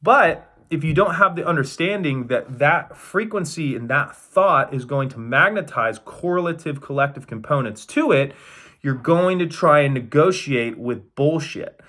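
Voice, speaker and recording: A man's voice: fairly high pitch, lively intonation, measured pace, bright, forceful tone. A man coaching on metaphysics in a casual lecture, emphatic and repetitive, checking in with "right?" and swearing now and then. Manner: emphatic, repeats phrases, says "right?" often.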